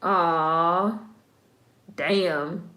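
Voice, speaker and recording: A woman's voice: on the low side, fairly even intonation, extremely slow, bright, forceful tone, roomy sound. A woman giving casual commentary while watching a film, chatty and wry, with slang asides. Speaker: film reaction vlogger.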